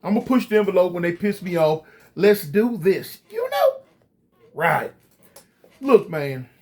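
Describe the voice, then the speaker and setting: A man casually telling a story straight to his viewers, animated and full of slang. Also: sits high, a little slow. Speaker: storyteller recounting prison life.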